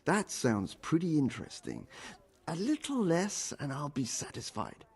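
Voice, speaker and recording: A man's voice: on the high side, wildly swooping pitch, unhurried, vocal fry, a little mellow, breathy edge, full character voice. An actor playing a shrewd male merchant in a video game, haggling in a sly, bargaining way.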